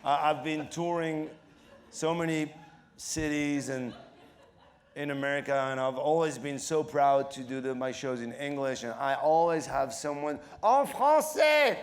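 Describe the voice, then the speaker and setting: With a fairly high pitch and a steady tone, a middle-aged French-accented comedian from Morocco answers questions in an on-stage interview. His speech comes in halting bursts with many fillers, punctuated by frequent laughter and acted-out voices.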